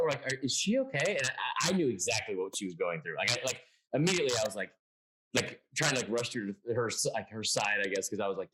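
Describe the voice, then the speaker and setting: A man's voice: mid-range voice, animated, fast, fairly bright tone, poor audio. A man from Atlanta hosting a casual sports panel by video call, telling stories with lots of restarts. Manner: rambling storyteller with many restarts. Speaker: sports show host.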